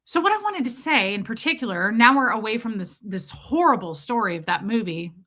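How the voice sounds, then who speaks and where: A young adult woman hosting a livestream, chatting casually with viewers in a rambling, animated way, her voice a little worn from screaming. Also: on the high side, brisk. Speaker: livestream host.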